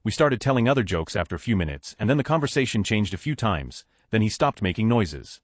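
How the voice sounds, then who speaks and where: A man's voice: on the low side, sing-song, a little fast, no echo, studio quality. A man reading a string of short jokes aloud as a narrator, raising his voice to announce each story number.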